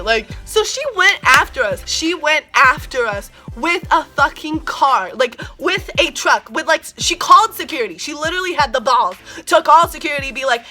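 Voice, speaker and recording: A woman's voice: high voice, animated, normal speed, hardly any pauses, pushed and bright, soft background music. A teenage girl telling a storytime vlog in a sassy, profane, ranting way. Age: teens. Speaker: vlogger.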